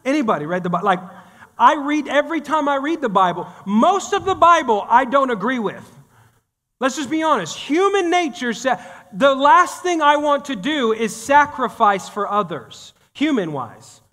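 A man's voice: very high-pitched, very animated, moderate pace, sharp tone. A pastor in his thirties or forties preaching a sermon in a church, talking in a conversational, joking way and speaking straight to the congregation. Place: church sanctuary. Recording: long reverb of a church hall.

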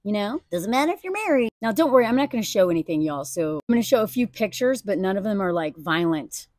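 A woman's voice: medium pitch, big pitch swings, fast talker, a little mellow, no echo, clean studio sound. A woman talking earnestly and emotionally in a personal video commentary, speaking casually and addressing viewers directly. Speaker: video creator.

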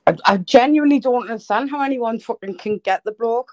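A woman's voice: fairly high pitch, a little fast, a little mellow, dull audio. A woman hosting a live stream, ranting in a sweary, heated, blunt way. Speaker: livestream host.

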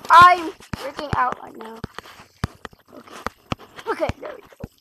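A young gamer talking through a frustrating game, muttering and yelling in exasperation. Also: extremely high pitch, a little slow, heavy background noise. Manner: frustrated, exclaiming, mutters to self. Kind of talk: gaming commentary. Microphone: tablet mic.

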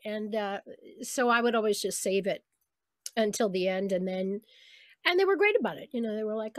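An older woman speaking as a guest in a casual interview, looking back on her voice work in a thoughtful, storytelling way. Her voice sits at a middle pitch and sounds close and dry, with no room around it. She laughs lightly now and then as she talks. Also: normal speed, dry recording. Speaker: voice actress guest.

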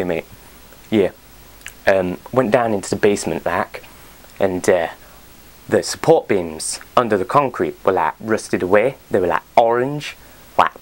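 A man ranting to camera as a fitness vlogger, blunt and sweary, full of exasperation. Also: lowish voice. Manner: blunt, sweary, exasperated, quotes people in other voices.

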